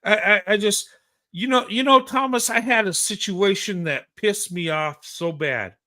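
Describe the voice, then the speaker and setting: High-voiced impassioned male host. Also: a little slow, sharp tone. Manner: emphatic, stammering restarts, blunt, swears. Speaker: show host. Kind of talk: impassioned live-show commentary.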